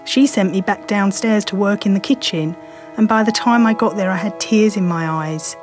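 A woman's voice: medium pitch, normal speed, over music. A middle-aged woman from London with a Cockney accent, telling a first-person story in a wry, self-mocking way. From London, England.

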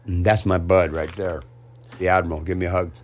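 Talking fairly quickly in a low, flat voice, this sixty-something boat owner gives a relaxed, candid interview outdoors by his home and the harbor. He rambles and laughs easily, and a little hiss or hum runs under the recording.

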